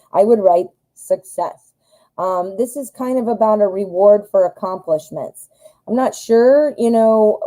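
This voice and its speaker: Woman, tarot reader host, live stream, warm mellow tone, rambling, self-deprecating. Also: medium pitch, low-quality recording. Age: adult, married. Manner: rambling and chatty, thinks aloud with many fillers; self-deprecating humor, goes off on tangents.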